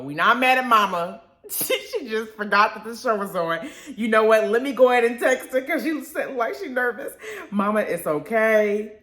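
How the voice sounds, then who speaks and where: A young woman hosting a casual live radio show, animated and laughing often, repeating her words. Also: fairly high pitch. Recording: roomy echo.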